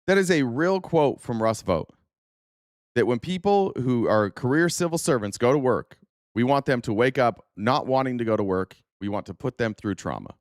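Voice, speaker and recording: A man's voice: medium pitch, expressive, moderate pace, no echo, studio quality. A man hosting a political livestream, reacting to a hearing clip in an angry, profane rant aimed at his chat. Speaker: political commentary host.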